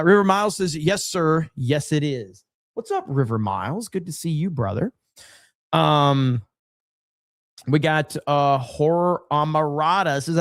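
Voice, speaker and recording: Guy hosting a live stream, kinda high voice, reads chat out loud, lots of ums, super dry room. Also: no echo. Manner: loose and chatty, trailing off with many ums. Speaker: livestream host. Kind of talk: casual livestream chat, reading viewer comments aloud.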